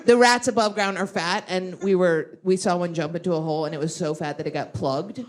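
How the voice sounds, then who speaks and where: A woman comedian co-hosting a live podcast, telling stories in an animated way, laughing often and acting out what people said. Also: on the low side, fairly quick. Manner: animated, laughs through her stories, acts out quotes. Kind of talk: live podcast banter, storytelling. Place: live venue before an audience.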